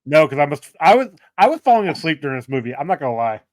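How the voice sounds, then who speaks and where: Rambling, slightly high-voiced man, dry sound. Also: sing-song, racing, dry recording. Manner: rambling, self-correcting storyteller. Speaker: podcast co-host. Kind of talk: casual movie-review chat.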